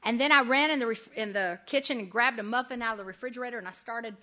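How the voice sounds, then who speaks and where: A woman gives a lively, funny faith testimony to an audience, laughing as she goes. Her voice sits high and carries a crisp, bright edge. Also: quick pace. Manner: animated storyteller, laughs often. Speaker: women's ministry speaker. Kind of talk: humorous testimony talk to an audience.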